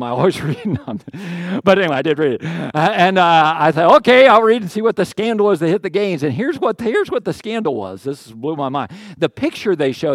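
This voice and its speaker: In a medium-pitched voice, a breathless middle-aged pastor gives a conversational sermon to his congregation, sprinkled with asides, jokes about himself, and rhetorical questions. It's captured as a dry, clean studio recording.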